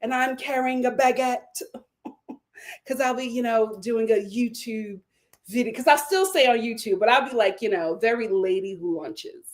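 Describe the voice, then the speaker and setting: A woman hosting a casual livestream, reading viewer comments aloud, laughing often and bursting into loud outbursts. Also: on the high side, normal speed. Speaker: livestream host reading super chats.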